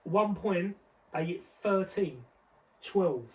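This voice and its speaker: Young man with a high voice. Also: animated, slow pace, darkish tone, recorded from a distance, rough recording. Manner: street slang, emphatic, repeats words. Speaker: podcast co-host. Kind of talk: casual discussion.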